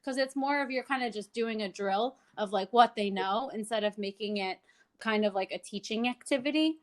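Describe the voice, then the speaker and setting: A woman speech-language pathologist explaining tips in an interview, animated and clear, slipping into playful child-talk examples. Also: on the high side, normal speed.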